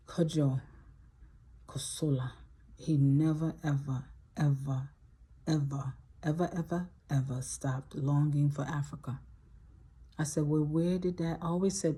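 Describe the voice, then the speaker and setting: A woman's voice: low-pitched, mellow, breathy edge. A woman hosting her own channel, telling a story in a reflective monologue, emotional and near tears, repeating words for emphasis. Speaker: channel host.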